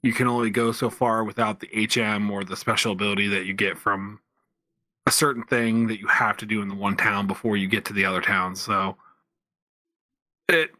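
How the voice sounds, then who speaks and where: A man's voice: lowish voice, little pitch movement, a little fast, pushed and bright, no echo. A man co-hosting a casual podcast, rambling with frequent restarts and fillers. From Pennsylvania, USA. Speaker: podcast co-host. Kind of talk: casual chat.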